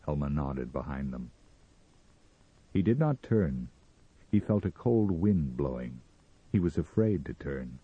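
A man narrating a story in a measured, expressive dramatic reading, on a slightly muffled recording. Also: a bass voice, breathy edge, no echo.

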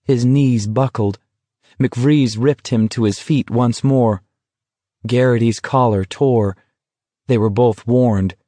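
A man reading a novel aloud in steady, measured narration. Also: mid-range voice, no room sound. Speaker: audiobook narrator. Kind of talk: scripted narration.

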